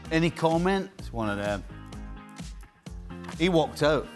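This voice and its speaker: A middle-aged Scottish man, a football pundit, telling a story in casual panel banter with animated, wry delivery. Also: a little high, measured pace, faint music behind. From Scotland.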